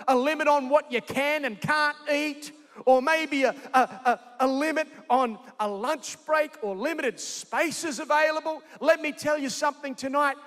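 A man preaching a sermon live in a large convention centre, energetic and jokey, calling out to the crowd. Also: very high-pitched. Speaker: pastor. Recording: echoey convention hall.

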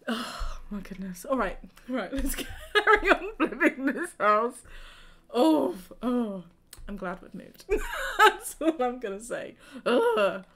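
A woman co-hosting a game stream, chatting casually and telling an animated story with frequent laughter. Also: fairly high pitch, slow pace. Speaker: gaming streamer co-host. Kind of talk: casual chat while playing.

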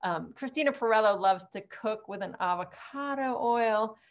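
A woman's voice: mid-range voice, moderate pace. A middle-aged woman teaching an online cooking class in a chatty, rambling way, with frequent ums and laughs.

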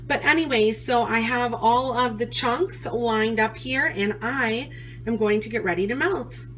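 A hoarse, short-of-breath woman with an Upper Midwest American accent, chatting casually in a home vlog with lots of fillers. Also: fairly high pitch, a little slow, fairly bright tone, a little hiss or hum. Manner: rambling, chatty, many fillers. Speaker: vlogger. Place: at home indoors.

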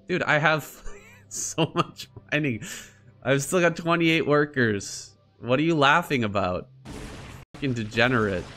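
A man giving casual commentary over his own strategy game match, excitable and crude, swearing and mocking his opponent with frequent laughter. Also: medium pitch, unhurried, pauses often, a little hiss or hum. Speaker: gaming streamer.

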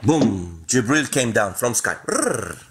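Host: man, low voice, animated, jokes and repeats himself. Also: unhurried, over a noisy crowd. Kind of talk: casual group chat.

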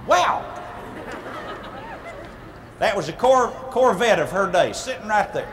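A man, a humorist minister telling an animated, playful comic story at a live speaking event. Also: high voice, takes it slowly, slight background noise. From Southern United States. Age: 40s.

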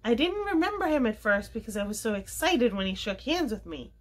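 Earnest storybook boy, eager, voice pitched up a touch. Played by a woman. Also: sing-song, brisk. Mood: wondering. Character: eager, thoughtful older boy.

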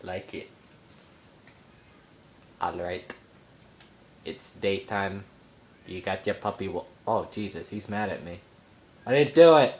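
A young man giving excitable let's play commentary, yelping and mock-outraged as he explores. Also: low voice, takes it slowly, long pauses. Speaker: gamer.

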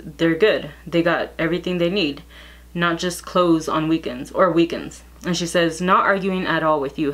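A young woman with a slightly low voice tells a gossip story to her camera. She reads out text messages and swears freely in a blunt, casual way. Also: fairly bright tone. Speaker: vlogger telling a story.

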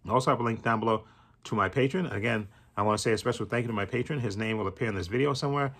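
A man's voice: medium pitch, rapid-fire, a bit bright, slightly rough. A middle-aged man hosting a trailer reaction channel, talking casually, rambling with fillers and chuckling as he goes.

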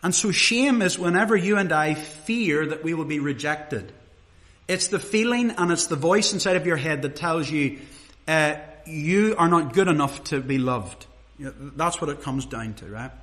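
A middle-aged man preaches, his voice sitting a touch higher than most men's. He talks to the congregation in a plain, conversational way, earnest and direct, and often puts rhetorical questions to them. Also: fairly bright tone. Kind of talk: sermon.

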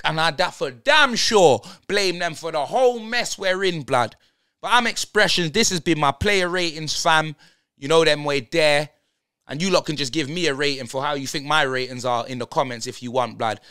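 Young guy ranting about footy, slangy and fed up, bright sharp voice. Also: sits high. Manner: slang-heavy, exasperated ranting. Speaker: football fan channel host. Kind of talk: fan player-ratings rant.

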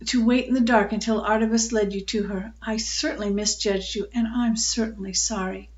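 A woman voicing a kindly, motherly older farm woman in a storybook, speaking in a gentle, praising way. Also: mid-range voice, fairly even intonation, moderate pace, lo-fi sound, natural voice.

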